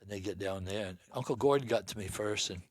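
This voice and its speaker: A man's voice: lowish voice, dry recording. Folksy older man telling hunting tales. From Vermont. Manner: folksy, unhurried storyteller. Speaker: hunting guest. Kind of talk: storytelling interview.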